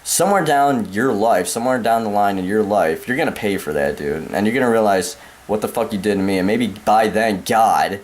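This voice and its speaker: A man's voice: on the low side, a little fast, hardly any pauses. A young American man ranting angrily to camera, profane and repetitive, calling the listener man and dude. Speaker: vlogger. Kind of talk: angry rant to camera.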